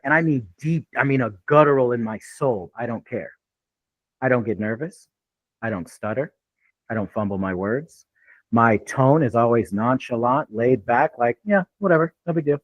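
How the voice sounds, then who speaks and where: A man's voice: medium pitch, a bit bright, dry recording, poor audio. A man giving an unscripted real estate training talk in a blunt, laid-back way with frequent swearing.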